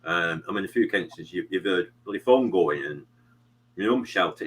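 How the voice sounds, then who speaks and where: A man's voice: low-pitched, lively intonation, normal speed, fairly bright tone, breathy edge, poor audio. A British man hosting a live stream, chatting casually in a rambling way with many fillers. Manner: rambling, many fillers and "you know what I mean". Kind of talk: casual chat.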